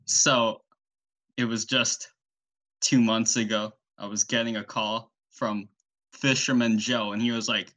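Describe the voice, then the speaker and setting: A young man hosting a podcast solo, telling an absurd story in a rambling, deadpan way. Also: lowish voice, a little slow. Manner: rambling, deadpan, self-interviewing.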